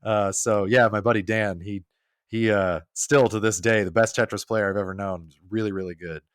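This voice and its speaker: A man's voice: lowish voice, normal speed, clear, resonant tone, dry recording, studio quality. A man guesting on a podcast, chatting casually and acting out quoted lines as he tells stories. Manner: animated storyteller who acts out quotes.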